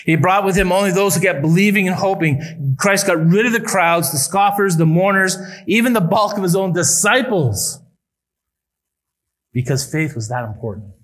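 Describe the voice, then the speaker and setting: A male pastor preaching a sermon at a church service, building emphatic appeals that rise and then drop quietly. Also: high voice, animated, normal speed, poor audio.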